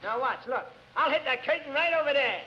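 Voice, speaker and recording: A man's voice: very high-pitched, expressive, a little fast, sharp tone, dull audio, heavily acted. A man playing a dim, blunt guy, tacking "see?" onto his lines. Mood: gruff. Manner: gruff, blunt, adds "see?". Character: big dim tough-guy male brute. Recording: scratchy 1940s radio, studio audience.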